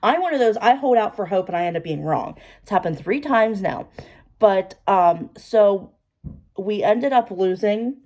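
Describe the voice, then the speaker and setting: A woman in her twenties, a beauty vlogger, chatting excitedly while doing her makeup and saying "like" constantly. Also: medium pitch, a little slow. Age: 20s. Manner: chatty and excitable, heavy use of "like".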